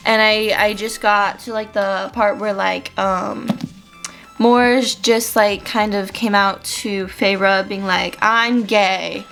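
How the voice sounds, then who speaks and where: A woman's voice: mid-range voice, steady tone, slow pace, creaky, a bit bright, soft background music. A young woman chatting casually in a reading vlog, gushing about a book with lots of fillers, tearful at times. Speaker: book vlogger.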